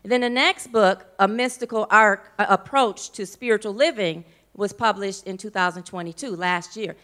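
An American woman minister introduces a guest with feeling, mixing heartfelt praise and casual asides. Her voice is smooth and clear, pitched in a middle range. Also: moderate pace. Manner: warm, emotional and informal, with playful asides. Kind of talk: church introduction. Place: church.

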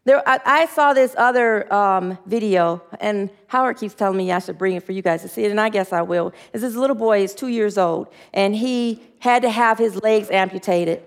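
A woman's voice: medium pitch, moderate pace, few pauses. A woman minister giving a spiritual sermon, earnest and leading the group in spoken affirmations.

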